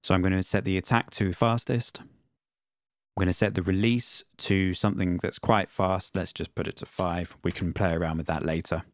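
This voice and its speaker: A man teaching music production in a screen-recorded software tutorial, explaining in a plain, matter-of-fact way. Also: sits low, fairly even intonation, normal speed, no room sound, clean studio sound.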